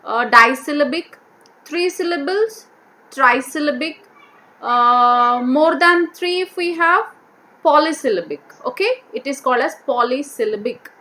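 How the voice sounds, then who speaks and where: Woman teacher, high voice, bright tone, repeats words, sounds out syllables slowly. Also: expressive, slight background noise. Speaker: English teacher. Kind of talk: explaining a vocabulary worksheet.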